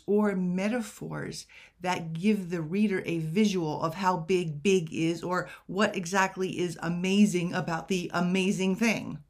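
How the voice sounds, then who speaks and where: A young woman talks through her editing checklist at an unhurried pace. Her tone is chatty, and she keeps asking rhetorical questions and making self-deprecating asides. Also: lowish voice, a little mellow. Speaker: writing coach. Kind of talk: casual editing tutorial.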